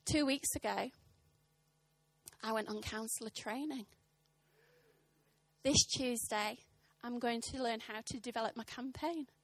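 Woman in her thirties, sermon, high bright voice, dry close sound, punchy comic storytelling. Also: a little slow, pauses often, dry recording. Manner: animated, impassioned, punchy comic timing. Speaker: preacher. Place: church service.

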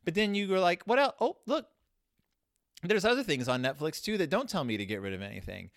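Man, podcast host, sarcastic rambling monologue, very lively pitch, dry close sound. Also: fairly quick, vocal fry, no echo. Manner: rambling, sarcastic, animated swings in pitch and loudness. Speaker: podcast host reviewing children's books. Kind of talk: casual comedic monologue.

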